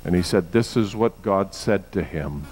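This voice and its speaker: Male pastor, low voice, sermon delivery that surges into emphatic high-pitched declarations. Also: normal speed, slight background noise, poor audio. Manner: builds to loud, high emphatic peaks, with frequent uh fillers.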